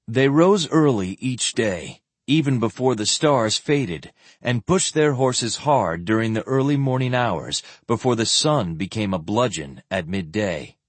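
Husky-voiced male audiobook narrator. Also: fairly low pitch, no room sound. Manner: steady, descriptive reading.

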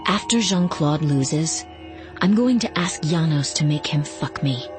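A woman reading the lines of an arrogant young female master vampire, slow and threatening. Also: expressive, music in the background. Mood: menacing. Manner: slow, low, threatening delivery.

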